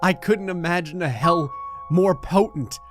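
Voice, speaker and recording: A man's voice: high-pitched, measured pace, soft background music. Brief: man playing a whiny, incredulous game character in despair, light voice. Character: despairing man Sim stuck in a cursed house.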